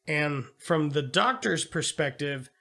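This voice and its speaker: A man's voice: fairly high pitch, takes it slowly, creaky, bright, forceful tone. A man co-hosting a podcast, casually retelling a film's plot with lots of swearing and quoted voices. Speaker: podcast co-host. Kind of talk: casual movie review chat.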